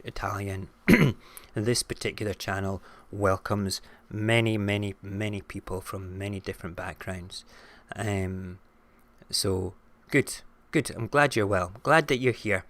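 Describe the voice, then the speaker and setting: A man's voice: fairly low pitch, fairly even intonation, slow pace, a bit bright. A Scottish man hosting a live-streamed morning show, chatting and ranting frankly with plenty of swearing. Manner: frank and ranty, swears freely. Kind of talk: casual live-stream chat and rant.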